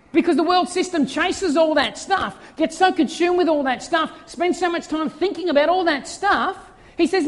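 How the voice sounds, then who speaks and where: Animated preacher in a reverberant hall. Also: very high-pitched, fairly quick. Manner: animated preaching with rhetorical questions and acted-out quotes. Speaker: pastor. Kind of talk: sermon. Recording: reverberant church hall sound.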